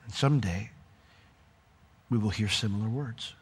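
Animated preacher man in a reverberant hall. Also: lowish voice, moderate pace, husky. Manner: animated, conversational preaching with asides and acted quotes. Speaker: pastor. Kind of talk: sermon.

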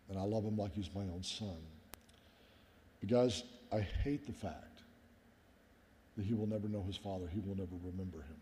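A man's voice: lowish voice, warm tone. A middle-aged man, a pastor, giving a sermon as an earnest personal story and often calling his listeners "guys.". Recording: long hall reverb.

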